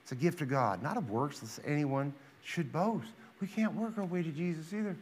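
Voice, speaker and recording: A man's voice: on the high side, normal speed, a little hiss or hum. A man preaching a sermon as pastor, reading scripture aloud and pressing his point with rhetorical questions. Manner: dramatizes quotes with sudden loud rises.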